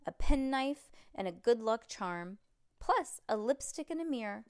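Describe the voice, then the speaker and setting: A know-it-all little girl lists facts in a high, bright voice, as a woman reading aloud puts her on. She sounds sure of herself and a little bossy. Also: big pitch swings, unhurried, smooth. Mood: prim.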